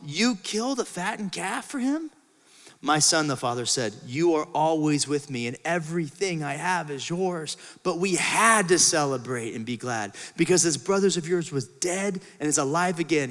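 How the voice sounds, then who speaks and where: Animated bright-voiced man preaching in a hall. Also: a little high, moderate pace, few pauses. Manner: animated, acts out the father's voice, swings from shouts to hushed asides. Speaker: pastor. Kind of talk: sermon. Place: church auditorium. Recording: large hall with long reverb.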